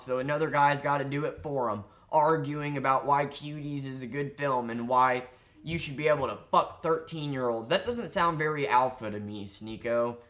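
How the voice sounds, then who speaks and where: A man's voice: mid-range voice, a bit bright. Angry profane male ranter. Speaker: commentary YouTuber. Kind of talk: ranting commentary.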